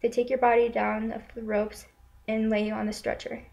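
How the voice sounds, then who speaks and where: Solemn woman narrating with a flat voice. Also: a little high, vocal fry, poor audio. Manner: slow, solemn and steady, with repeated refrains. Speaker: storyteller. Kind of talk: spoken second-person narration.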